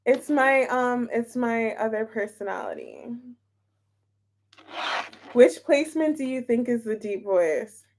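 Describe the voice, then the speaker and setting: High-pitched woman, slow and giggly, casual livestream chat. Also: lively intonation, a little hiss or hum. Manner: giggly, greets chat viewers by name. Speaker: tarot reader hosting a livestream.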